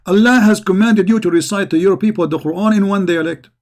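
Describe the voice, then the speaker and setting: A high-pitched man speaks in broken English, delivering a combative religious polemic to the camera. His tone stays mocking and confrontational, with frequent taunts and repeated challenges. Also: quick pace, a little mellow. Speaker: religious debater. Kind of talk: polemic commentary monologue.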